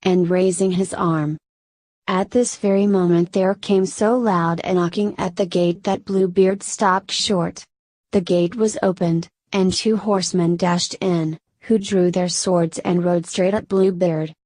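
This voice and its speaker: A woman reading a fairy tale aloud in an even, measured narration. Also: lowish voice, dry recording. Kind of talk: storybook reading.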